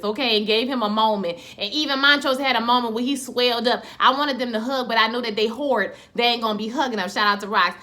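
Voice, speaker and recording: A woman giving a casual, animated episode recap, slangy and acting out scenes in quoted voices. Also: on the high side. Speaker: TV show reviewer.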